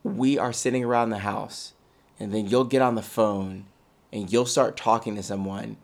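A man's voice: fairly low pitch, fairly even intonation, moderate pace, gravelly. A man co-hosting a casual chat, teasing and joking with his partner.

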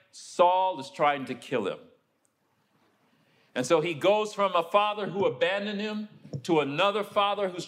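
During a sermon, a male preacher tells a story and acts out the people he quotes. He then grows quiet and low to make a personal confession.

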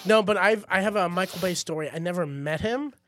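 A young man co-hosting a casual comedy podcast, telling a story with lively put-on voices. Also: sits high, a little fast, dry recording. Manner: animated storyteller, puts on silly voices. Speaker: podcast co-host.

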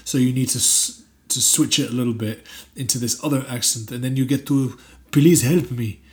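A man's voice: mid-range voice, fairly even intonation, a little fast. A man being interviewed as an actor, chatting casually with many fillers and restarts and bursts of emphatic enthusiasm. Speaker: actor guest.

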